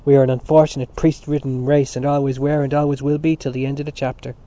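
A man's voice: mid-range voice, little pitch movement, fast, warm tone, no echo, lightly acted. A man playing a scornful, blustering middle-aged father. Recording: dull lo-fi recording.

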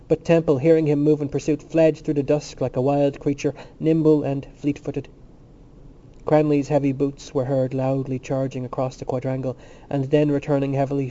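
Mellow-voiced male audiobook narrator. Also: medium pitch. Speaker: audiobook reader. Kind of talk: scripted literary narration. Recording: muffled lo-fi recording.

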